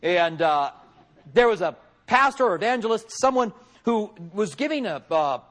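A middle-aged pastor giving a conversational sermon, folksy, with joking asides to the congregation. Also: male voice, sits high, very animated, moderate pace, fairly bright tone.

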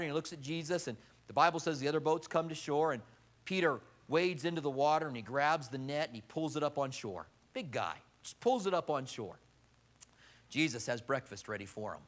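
A middle-aged male pastor preaching a sermon, telling the story with big swings from loud, high emphasis to quiet, low delivery.

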